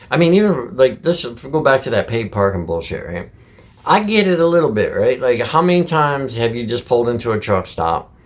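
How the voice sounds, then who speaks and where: A middle-aged male truck driver from Michigan, USA, rants casually to the camera in a lowish voice. His speech is blunt, heavily profane, and packed with folksy slang.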